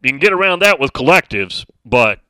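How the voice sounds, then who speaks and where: Man hosting sports talk radio, middle-aged, emphatic, lively bouncing pitch, bright tone. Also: a little fast, smooth, no echo. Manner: emphatic, reads listener messages aloud. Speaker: radio talk show host.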